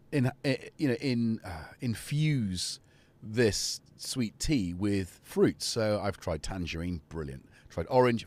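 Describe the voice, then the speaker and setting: Chatty male streamer, low-set voice with a swooping, lively delivery. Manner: rambling, chatty, talks to his cat and viewers. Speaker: live-stream host. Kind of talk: casual live-stream chat.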